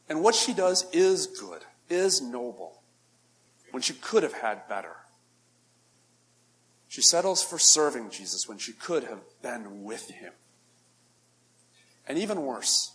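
A man preaching a practical sermon, animated and emphatic, swinging from loud bursts to soft, low asides.

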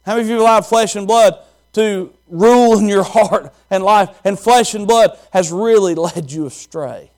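Pastor guy preaching, pretty high voice, keeps asking the room questions and repeating himself. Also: moderate pace, a little mellow. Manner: preachy, repeats phrases for emphasis, asks the congregation questions. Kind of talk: sermon.

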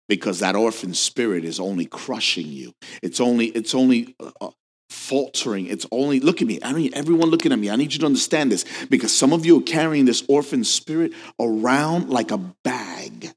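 A man preaching a sermon as pastor, swinging from hushed lines to shouted questions, telling stories with casual asides. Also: medium pitch, animated, normal speed. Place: church sanctuary. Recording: long hall reverb.

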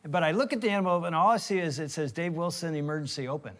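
A man's voice: a little high, rapid-fire. A middle-aged man co-hosting a marriage talk, telling a funny story as a former team chaplain. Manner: animated, jokey storyteller.

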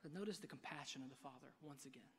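A man preaching a sermon from a church pulpit, swinging between hushed and loud delivery. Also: mid-range voice, fast talker, husky. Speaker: pastor. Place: church sanctuary. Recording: long reverb of a large hall.

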